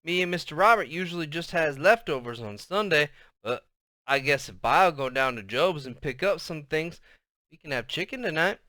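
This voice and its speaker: A man doing a loud, bossy old southern granny. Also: animated, normal speed, no room sound, clean studio sound. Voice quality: shouting, high and drawling. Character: elderly southern grandmother, loud, bossy and doting.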